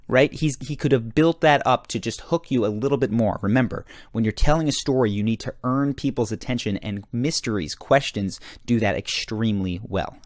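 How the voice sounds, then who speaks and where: A man's voice: medium pitch, fairly quick, few pauses, dry recording. A man in his thirties working as a communication coach, breaking down a storytelling clip step by step in an explanatory manner. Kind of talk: analytical commentary on a story clip.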